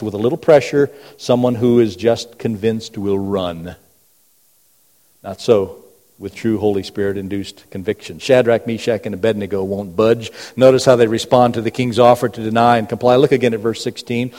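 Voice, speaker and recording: A man preaches in a church sanctuary, his voice mellow and dark, carried by a long hall reverb. He asks rhetorical questions in a row and swings from booming emphasis to hushed, low lines. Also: steady tone, moderate pace. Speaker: pastor. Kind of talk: sermon.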